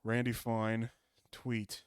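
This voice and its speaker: A man co-hosting a casual podcast, rambling through profane, animated stories and talking over his co-host. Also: mid-range voice, slow, clear, resonant tone, no room sound, studio quality.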